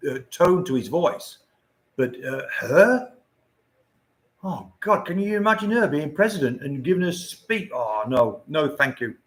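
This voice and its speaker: An older man hosting a casual livestream, chatting to viewers in a rambling way and chuckling often. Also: fairly high pitch. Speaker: livestream host. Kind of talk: casual live-stream chat.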